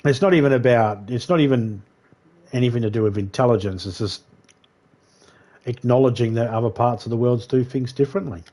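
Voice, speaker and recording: A man's voice: mid-range voice, brisk, warm tone. Chatty man streaming a game. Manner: rambling, chatty, laughs often, talks to chat. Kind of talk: casual live-stream chat.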